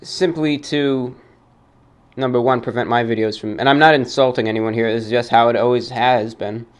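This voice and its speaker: A man's voice: mid-range voice, fairly even intonation. Formal man with a British-New York accent. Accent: British-New York blend. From New York area. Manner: formal, measured, dry delivery with many "uh"s. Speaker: show host reading fan mail. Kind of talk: radio show talk, reading letters.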